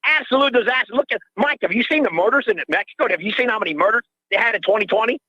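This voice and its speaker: A man's voice: high voice, animated, racing, pushed and bright, breathy edge, dry recording. An older man calling in to a radio show, ranting in an agitated way and repeating himself, heard through dull lo-fi call audio. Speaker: caller.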